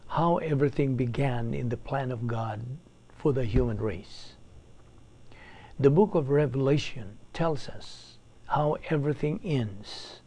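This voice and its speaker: A man's voice: medium pitch, dark tone. A man teaching a doctrinal Bible study as an evangelist, explaining grammar methodically, step by step.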